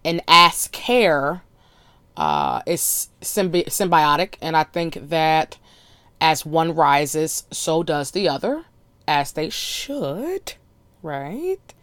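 A woman hosting a podcast, talking in a blunt, crude, animated solo monologue with laughing asides. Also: fairly low pitch, smooth, no echo. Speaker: podcast host.

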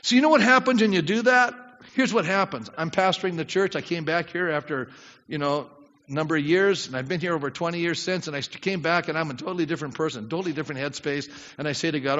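A man's voice: high-pitched, fast talker, a bit bright. A middle-aged man preaching a sermon as pastor, talking conversationally, asking the congregation questions and acting out prayers. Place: church sanctuary with congregation. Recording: dull sound with long hall reverb.

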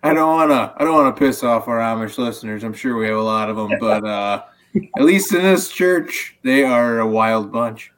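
A man's voice: mid-range voice, animated, normal speed, fairly bright tone. Laid-back, swearing male podcaster. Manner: laid-back, profane storyteller. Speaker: podcast co-host. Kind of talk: casual storytelling chat.

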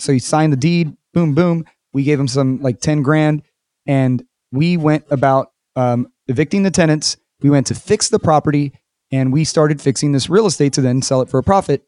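A man hosting a casual podcast interview, telling stories with lively acted-out quotes and casual swearing. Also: on the high side, a little fast, no echo, studio quality. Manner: animated storyteller, acts out quotes, swears casually. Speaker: podcast host.

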